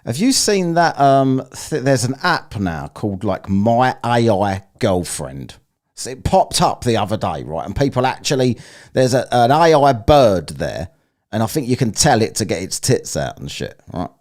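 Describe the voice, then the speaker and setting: A man's voice: medium pitch, sing-song, normal speed, darkish tone. A man hosting a live stream, chatting casually and crudely, with frequent swearing and jokey banter.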